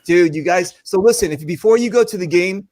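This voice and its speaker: A man's voice: high voice, brisk, a little mellow, no echo. A man hosting a casual video-call chat, joking and rambling with lots of fillers. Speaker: host.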